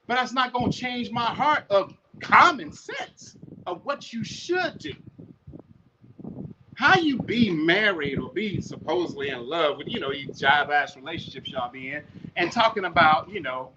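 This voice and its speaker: Male podcast host, high pitch, blunt profane preachy rant, muffled noisy recording. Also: animated, unhurried. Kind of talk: ranting monologue. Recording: muffled with loud noise.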